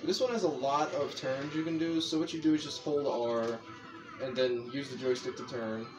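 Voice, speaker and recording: A man's voice: mid-range voice, normal speed. Young man rambling through a game tutorial. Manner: rambling, chatty, self-correcting. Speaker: gameplay commentator. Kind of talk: casual gameplay tutorial. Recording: music playing behind. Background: game music.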